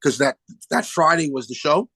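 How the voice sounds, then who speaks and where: An older man, a guest musician chatting in an interview, animated and acting out the people he quotes. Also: on the high side, normal speed, husky, no room sound. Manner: animated storyteller, acts out phone calls in quoted voices. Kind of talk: casual interview chat.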